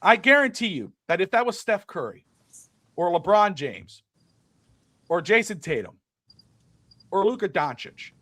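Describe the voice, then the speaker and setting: Middle-aged male co-host, animated and ranting, slightly high-pitched, dry booth sound. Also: measured pace, pauses often, dry recording. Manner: animated, ranting, swears freely. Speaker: podcast co-host. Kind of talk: casual sports talk.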